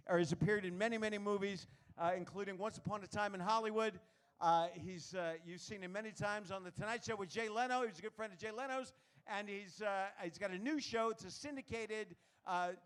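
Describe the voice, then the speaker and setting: A man's voice: high-pitched, clean tone. A man hosting a live showroom, introducing the next comedian and hyping up the crowd. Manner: hyping the crowd, building to a loud welcome. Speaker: show host introducing the comedian.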